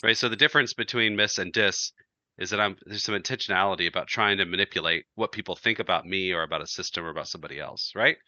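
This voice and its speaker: A man's voice: sits low, fast, bright, forceful tone, no room sound, muffled recording. A man co-hosting a podcast, telling a story in casual chat and laughing through his words. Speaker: podcast co-host.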